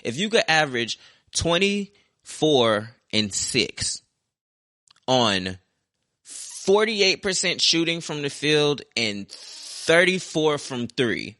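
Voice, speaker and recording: Young male podcast host, forceful bright voice, profane sarcastic sports rant, dry close sound. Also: on the high side, sing-song, slow, no echo. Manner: heated, profane, sarcastic ranting. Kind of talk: ranting sports talk.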